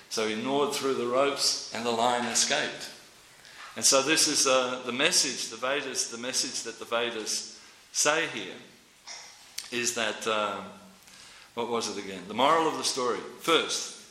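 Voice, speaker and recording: A man's voice: medium pitch, a little slow, pushed and bright, reverberant, a little hiss or hum, rough recording. Rambling man telling stories. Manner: rambling, anecdotal, repeats his words. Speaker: devotional speaker. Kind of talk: devotional talk with storytelling.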